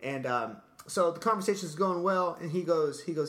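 A man's voice: on the high side, a little fast, hardly any pauses, fairly bright tone. A man casually telling a long story in a podcast chat, laid-back and profane, dropping "dude" and "like" constantly.

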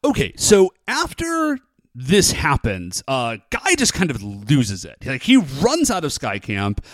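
A man's voice: mid-range voice, takes it slowly, no echo, clean studio sound. A man co-hosting a podcast, chatting casually as he recaps a TV episode with lots of "like" and "uh". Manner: animated, chatty, lots of fillers. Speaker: podcast co-host.

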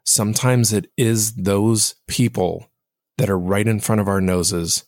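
A man with a low, fairly monotone voice hosts a casual solo podcast. He speaks straight to his listeners in a reflective, self-deprecating way. The recording is dry and close, with no room sound. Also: a little slow, dry recording. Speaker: podcast host.

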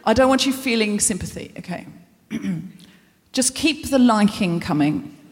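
A woman's voice: medium pitch, animated, a little slow, slight background noise. A woman hosting a comedy podcast live on stage, delivering a rambling, anxious, self-deprecating stand-up monologue. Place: large concert hall stage. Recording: long reverb of a big concert hall.

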